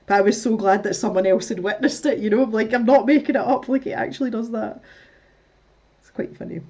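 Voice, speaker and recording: A woman's voice: on the high side, a little fast, mellow, dull audio. Chatty woman hosting a craft stream. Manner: chatty storyteller, laughs often, reads chat aloud. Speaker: crafting livestream host. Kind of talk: casual chat while crafting.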